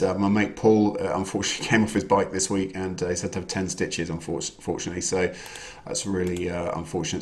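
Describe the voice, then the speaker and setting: Low-voiced quiz host, chatty. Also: male voice, a little mellow. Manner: chatty, greeting viewers by name. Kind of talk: casual live-stream chat.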